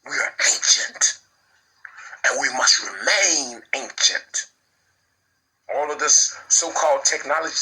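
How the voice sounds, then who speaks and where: A man's voice: medium pitch, slow, long pauses, pushed and bright, breathy edge, low-quality recording. A man giving impassioned spiritual preaching, repeating his phrases like incantations and dropping in crude slang.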